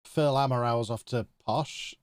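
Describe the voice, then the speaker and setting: A man's voice: medium pitch, unhurried, clean tone, dry recording, studio quality. Chatty man streaming a game. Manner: chatty, thinking aloud to himself. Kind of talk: live video game commentary.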